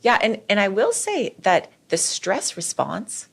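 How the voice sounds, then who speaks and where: A middle-aged woman, a clinical psychologist, explaining ideas in a lively, conversational way as a podcast guest. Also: mid-range voice, unhurried, gravelly, husky. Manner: explanatory, lively, acts out quoted voices.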